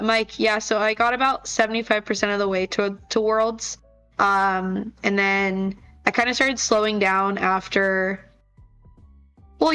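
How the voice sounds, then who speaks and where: A woman's voice: mid-range voice, a bit bright, clean tone, rough recording. A woman co-commentating a card game tournament stream and drawing on her own tournament play. She is chatty and easygoing and laughs often. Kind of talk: casual live game commentary.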